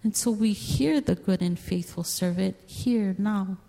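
Woman, church testimony, slow and earnest, gravelly, reverberant hall. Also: mid-range voice, warm tone. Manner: earnest, emotional, repetitive phrasing. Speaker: church guest speaker giving testimony. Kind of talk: heartfelt spoken testimony. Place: church sanctuary. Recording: long reverb of a large hall.

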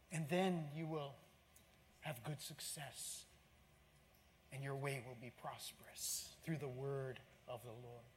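A man with a high voice preaching a lively sermon, full of exclamations and sudden drops to near-hushed asides. He is recorded in a church auditorium, with a long hall reverb and faint room ambience behind him. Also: slight background noise. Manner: animated, exclamatory, swings between shouting and hushed asides. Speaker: pastor.

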